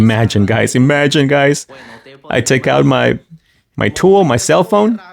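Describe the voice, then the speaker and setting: Man, low voice, gravelly, casual commentary, first-person retelling with asides to viewers. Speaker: commentator relaying a migrant's story.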